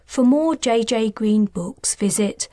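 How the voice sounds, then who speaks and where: A woman reading her science fiction audiobook, calm and measured. Her pace is slow and deliberate, her voice mid-pitched, and the recording is close and dry with no room sound. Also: no echo. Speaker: author and narrator. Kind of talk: scripted audiobook narration.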